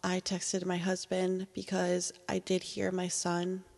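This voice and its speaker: Woman, 30s, solo podcast host at home; heartfelt, chatty, easily excited; some room reverb. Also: on the low side, takes it slowly, creaky. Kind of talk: casual solo podcast talk. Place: at home, indoors.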